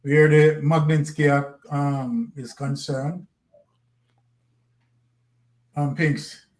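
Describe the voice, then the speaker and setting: A man moderates an online group audio chat in a slightly higher voice. He prompts the others slowly and hesitantly, and his sound is echoey and roomy. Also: level tone.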